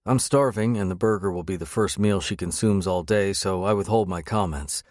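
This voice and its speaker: A man reads a first-person romance audiobook in a wry, sardonic tone. His voice sits on the low side for a man. The recording is close and dry, with no room sound. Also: normal speed, a little mellow, dry recording. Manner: wry, sardonic inner monologue. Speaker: audiobook narrator.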